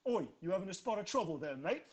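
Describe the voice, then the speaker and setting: A man's voice: high-pitched, sing-song, fast talker, voice pushed up. A man voicing a huge, friendly male half-ogre who chats cheerily and calls people mate, in a put-on accent. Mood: cheery. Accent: mock British then New Jersey put-on.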